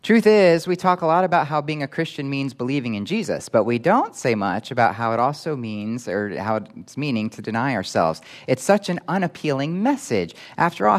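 Animated male preacher, lively pitch. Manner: animated, emphatic, acts out quotes. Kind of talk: sermon.

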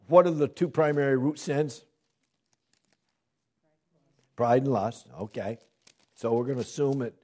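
A man's voice: on the low side, a little mellow, breathy edge. A man teaching a Bible study, reading scripture aloud with dramatic emphasis and asking his class questions. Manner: asks the class rhetorical questions.

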